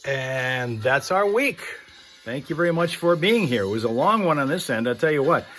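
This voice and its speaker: A man's voice: mid-range voice, animated, moderate pace, a bit bright, soft background music. Male live stream host, folksy and rambling, casual end-of-week wrap-up.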